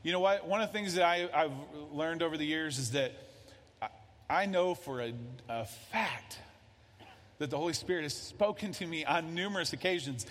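A man's voice: fairly high pitch, lively intonation, moderate pace, fairly bright tone. Man preaching in a reverberant hall. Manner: conversational preaching, acting out dialogue. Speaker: pastor. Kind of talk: sermon.

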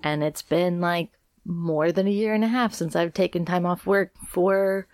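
A woman's voice: fairly low pitch, moderate pace, a little mellow, no room sound, studio quality. A woman hosting a podcast in a casual, chatty, rambling way, sounding congested from allergies. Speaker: podcast host. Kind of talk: casual solo podcast chat.

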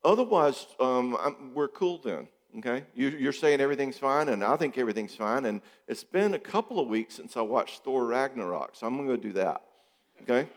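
A man, a counselor, giving a talk to an audience, animated and acting out bits of dialogue. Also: mid-range voice, a little fast, in a large hall. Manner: animated, acts out quoted dialogue.

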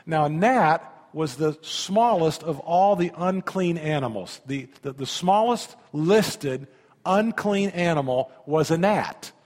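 High-voiced pastor preaching in a hall. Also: male voice, takes it slowly. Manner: animated, conversational preaching with repeated words and questions to the listeners. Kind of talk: sermon. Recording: long reverb of a large hall.

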